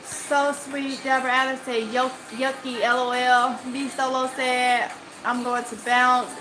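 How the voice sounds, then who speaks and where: A woman's voice: on the high side, rough recording. A woman with a Mississippi accent hosting a livestream, reading viewer comments aloud in a chatty way and laughing easily. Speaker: channel host.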